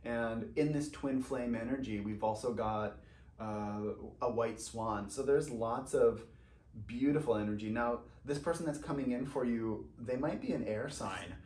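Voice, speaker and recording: Man, mid-pitched, tarot reader: excitable, exclamatory, rambling, recorded in an echoey room. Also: unhurried. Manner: enthusiastic, exclamatory, gushing over the cards; rambling with many fillers and restarts. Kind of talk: spiritual tarot reading to camera.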